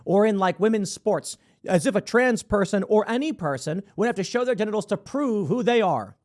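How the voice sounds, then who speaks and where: Sarcastic man, lively high voice. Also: fairly quick, hardly any pauses. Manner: sarcastic, mocking, acts out imagined dialogue. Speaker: show host. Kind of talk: commentary reading a news story.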